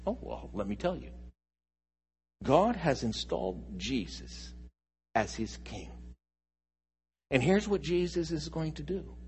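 A man preaching a sermon as pastor, repeating key phrases slowly and dropping from loud emphatic lines to hushed, near-whispered ones. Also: fairly high pitch, sing-song, breathy edge.

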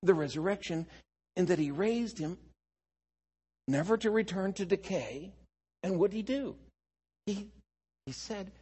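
A man preaching a slow, deliberate Bible teaching sermon, asking rhetorical questions and answering them. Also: sits high, animated, warm tone, slightly rough, long reverb tail.

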